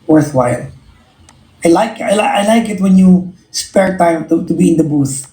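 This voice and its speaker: A man's voice: high-pitched, normal speed, mellow. Earnest Filipino man, roomy echo. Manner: earnest, reflective, often repeats and restarts phrases. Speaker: live-stream host. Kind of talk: casual live-stream chat to viewers.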